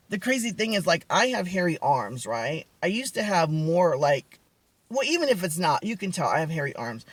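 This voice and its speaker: A man vlogging, telling a personal story casually with many fillers, restarts and dramatic pitch swings. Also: a bit bright, no room sound.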